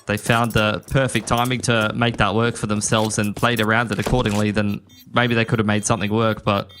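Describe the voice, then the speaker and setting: A man giving measured, analytical color commentary on an esports match. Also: medium pitch, a bit bright, a little hiss or hum.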